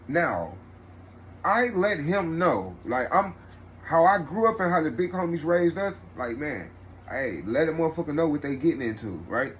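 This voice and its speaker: Casting: young man, slightly high voice, slangy rambling storyteller, faint ambient hiss. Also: animated, normal speed. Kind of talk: casual storytime.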